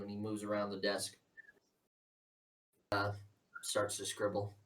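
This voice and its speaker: A man's voice: on the low side, completely flat delivery, a little slow, long pauses, a bit bright. Game master man narrating from a distance.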